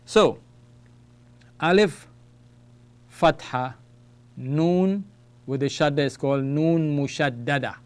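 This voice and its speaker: Male language teacher, slow and deliberate, repeats words, checks in with "okay?" and "all right?". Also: a little high, clear, resonant tone. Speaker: Arabic teacher. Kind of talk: classroom lesson at a whiteboard.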